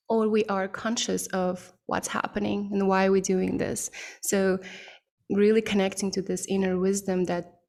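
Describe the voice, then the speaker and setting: Woman guest talking real slow, kinda gravelly, lots of ums and pauses, chill podcast chat. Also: mid-range voice, darkish tone. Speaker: podcast guest, mindset coach. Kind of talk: relaxed podcast conversation.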